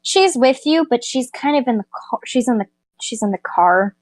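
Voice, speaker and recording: A woman's voice: on the high side, animated, normal speed, no room sound. A woman narrating as game master in a loose, laughing way, full of casual fillers.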